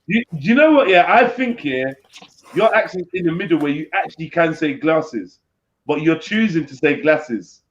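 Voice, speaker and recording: A man's voice: on the high side, animated, moderate pace, muffled recording. A man hosting a casual live stream, teasing and mimicking accents with frequent laughs.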